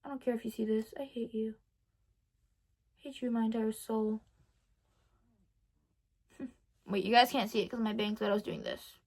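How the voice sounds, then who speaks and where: Animated high-voiced teen girl vlogging. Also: normal speed, gravelly, pauses often. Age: teens. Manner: animated storytelling, dramatic ups and downs, self-correcting. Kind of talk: casual diary vlog.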